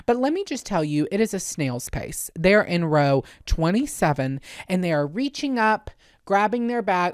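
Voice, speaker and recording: A man hosting a podcast, telling a comedic story in an animated, exasperated and dramatic way. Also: high-pitched, normal speed, no room sound, studio quality. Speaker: podcast host.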